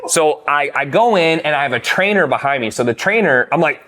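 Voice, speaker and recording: A young man hosting a podcast, chatting casually and telling stories with lively acted-out quotes. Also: on the high side, fairly quick. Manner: animated storyteller, acts out quoted voices. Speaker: podcast host. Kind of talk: casual storytelling chat.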